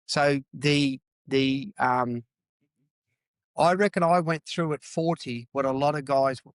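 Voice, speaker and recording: A man in his fifties from Australia, formerly a rugby player, speaks slowly in a clear, resonant, medium-pitched voice, recorded dry. As a podcast guest he tells his own story openly and rawly, repeating words to drive them home.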